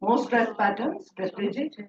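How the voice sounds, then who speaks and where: A woman's voice: on the high side, expressive, moderate pace. A woman with an Indian English accent, leading a pronunciation workshop for teachers in a chatty, encouraging way. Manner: encouraging, chatty, praises often. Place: classroom or hall. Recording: echoey, distant, dull sound.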